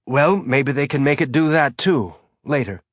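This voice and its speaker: A man's voice: mid-range voice, lively intonation, normal speed, no room sound, studio quality, pitched above the performer's own voice, close to an everyday voice. A man voicing a grieving father who holds back tears, forcing a light, cheerful tone through a thick throat. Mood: choked, tender. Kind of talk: audiobook character voice.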